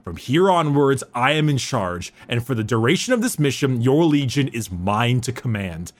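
A man voicing a stern, commanding male warlord as he reads a book excerpt aloud, in a low and deliberate voice. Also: very animated, natural voice.

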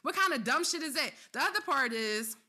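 A woman's voice: sits high, expressive, a little fast, sharp tone. A woman co-hosting a talk show, ranting in heated, profane gossip commentary. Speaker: podcast co-host.

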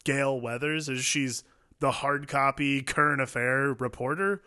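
A man's voice: medium pitch, measured pace, bright, forceful tone. Laid-back man riffing on a film. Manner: loose, swears, lots of likes. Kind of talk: casual film discussion.

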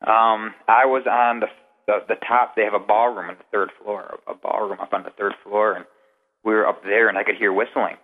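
Over a narrow, phone-like line with long reverb behind it, a guest investigator with a somewhat low voice recounts long, meandering anecdotes. He sounds easy and conversational, keeping a level tone at a moderate pace in this casual storytelling interview.

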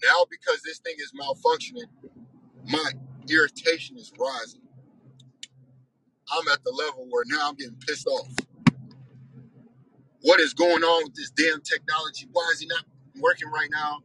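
A man's voice: a little high, very animated, normal speed, pauses often, sharp tone, slight background noise, poor audio. A man hosting a weekly discussion, telling a story in a casual monologue with exasperated, profane and self-reflective talk.

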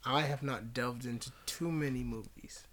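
A man's voice: medium pitch, fairly even intonation, moderate pace, a bit bright. A man co-hosting a podcast, steering the talk and asking questions. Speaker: podcast co-host. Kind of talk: casual chat.

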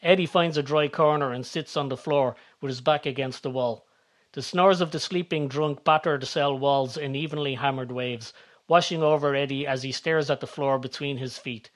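A man narrating a story in a steady, descriptive reading voice. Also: medium pitch, normal speed.

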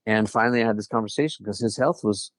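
A man's voice: lowish voice, fast talker, no echo. Earnest man telling a personal story. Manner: earnest storytelling with frequent restarts and laughs. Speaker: guest. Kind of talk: casual conversation.

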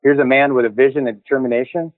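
A man's voice: medium pitch, fairly even intonation, fast, dry recording. Male guest over a tinny phone-like line. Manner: casual, fills with "you know", restarts. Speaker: guest, car builder. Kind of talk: interview answers.

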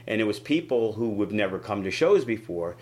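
Animated man telling an excited story. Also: a little fast. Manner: animated, acts out quotes with big pitch jumps. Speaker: wrestling promoter. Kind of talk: casual interview storytelling.

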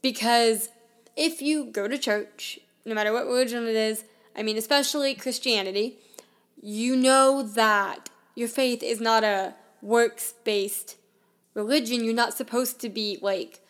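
A woman's voice: on the high side, fairly bright tone. A woman in her twenties telling a personal story as a podcast host, in a candid, conversational way full of "like" and "I mean.".

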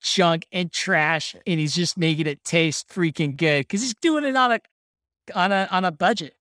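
A woman co-hosting a casual podcast chat, excitable, laughing often and saying "like" a lot. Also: lowish voice, normal speed, dry recording, studio quality. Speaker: podcast co-host. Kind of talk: casual chat about a film.

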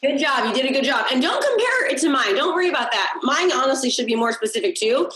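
A woman's voice: high voice, very animated, fast, a bit bright, roomy sound, low-quality recording. A woman coaching a group on a video call, upbeat and encouraging, repeating key points and checking in with "okay?". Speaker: business coach.

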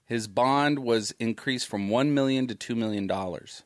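A man's voice: mid-range voice, moderate pace, no room sound, clean studio sound. A man hosting a casual talk show, reading news items aloud with wry comments. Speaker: news-segment host.

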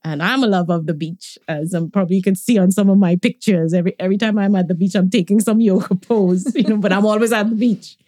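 A woman, a podcast guest, tells stories about her family in a relaxed way and laughs often. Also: medium pitch, fast, hardly any pauses, no echo, studio quality. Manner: warm reminiscing, laughs often. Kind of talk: conversational storytelling.

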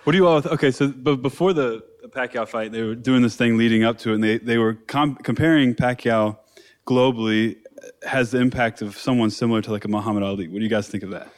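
A man's voice: mid-range voice, quick pace. A man co-hosting a podcast, musing thoughtfully and asking the others questions. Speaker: podcast co-host. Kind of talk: casual chat.

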